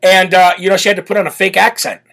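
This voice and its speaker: A man's voice: high-pitched, flat delivery, fast talker, creaky, fairly bright tone. A man hosting a political talk show, brash and sarcastic in his opinionated solo commentary.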